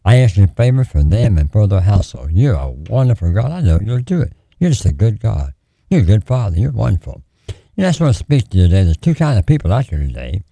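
A man preaching and praying on the radio in a lively, pleading, repetitive cadence. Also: lowish voice, no echo. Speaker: radio preacher taking prayer calls.

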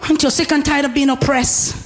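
A woman preacher delivering an exuberant sermon, often shouting, laughing and calling for responses from the congregation. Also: sits high, steady tone, fairly quick.

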